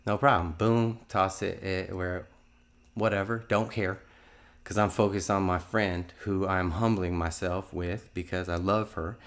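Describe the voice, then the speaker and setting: A man's voice: deep voice, steady tone, unhurried. A man in his fifties telling a religious testimony in an earnest, rambling way, often restarting his sentences. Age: 50s. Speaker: testimony speaker.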